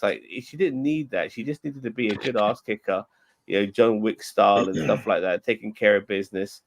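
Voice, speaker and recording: Blunt, low-voiced man. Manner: blunt, opinionated, sweary. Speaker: podcast co-host. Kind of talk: casual chat.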